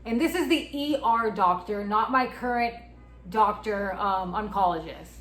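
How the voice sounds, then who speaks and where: A woman's voice: mid-range voice, unhurried, a bit bright, roomy sound, low-quality recording. A woman in her twenties, speaking as an interviewee and candidly telling a personal story, often acting out what was said. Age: 20s. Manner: candid, retelling with quoted dialogue.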